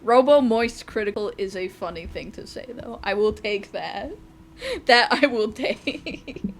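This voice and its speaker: A woman's voice: mid-range voice, measured pace, a little hiss or hum. A young woman streaming a game live, chatting casually, laughing a lot and swearing freely. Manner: giggly, laughs often, crude.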